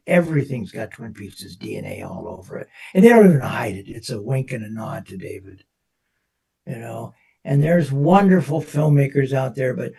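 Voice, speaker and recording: Panelist, man: gravelly, dark voice, reflective and halting delivery. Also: medium pitch, distant mic. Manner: reflective, halting, often trailing off softly. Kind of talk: casual panel discussion.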